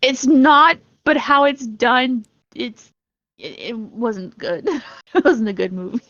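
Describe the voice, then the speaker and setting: A woman's voice: on the high side, expressive, takes it slowly, a bit bright, no echo. Woman guest on a podcast, laughy, rambly, acts out her reactions, muffled dry audio. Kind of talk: casual chat.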